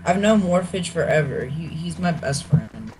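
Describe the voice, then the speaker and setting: A male gamer on voice chat who stammers and keeps replaying the same playful bits. His voice sits a little higher than most men's, and steady noise comes through his mic. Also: normal speed, low-quality recording. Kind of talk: casual voice chat while gaming.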